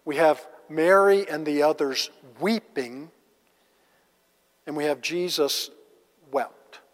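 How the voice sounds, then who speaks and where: A man's voice: fairly high pitch, slow. A man teaching a conversational Bible lesson, casual and asking the class rhetorical questions. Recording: long reverb of a large hall.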